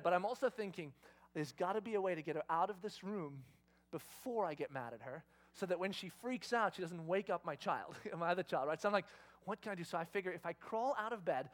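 A man with a high voice preaches a sermon as pastor. He tells a story with lots of animation, putting on the voices of his family. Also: animated, a little fast, fairly bright tone.

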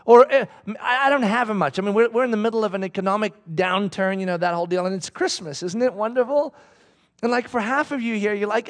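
A male pastor preaching a sermon in a church, animated and swinging from loud to hushed. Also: sits high, fast talker.

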